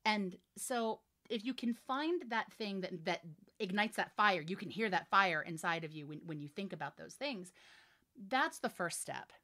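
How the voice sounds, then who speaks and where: A woman in her forties, a voiceover artist and director, chatting in an interview with lively, emphatic energy and frequent laughs. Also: medium pitch, moderate pace. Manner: animated, laughing, emphatic storytelling. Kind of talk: casual interview chat.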